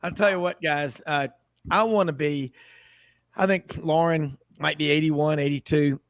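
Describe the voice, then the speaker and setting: A man's voice: a little high, fairly even intonation, measured pace, dry recording. A man hosting a sports talk radio show, chatty and rambling, laughing often.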